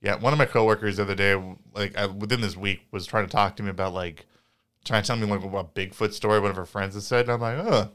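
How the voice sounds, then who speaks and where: Man, podcast co-host, casual rambling chat, fillers, smooth resonant tone. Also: on the low side, fairly even intonation, fast, fairly bright tone. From Indiana, US. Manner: rambling, many fillers and restarts. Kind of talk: casual chat, reading listener comments.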